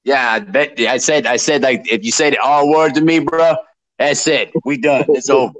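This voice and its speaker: A man's voice: medium pitch, normal speed, fairly bright tone, poor audio. A man in casual podcast banter, heated and blunt, repeating himself for emphasis.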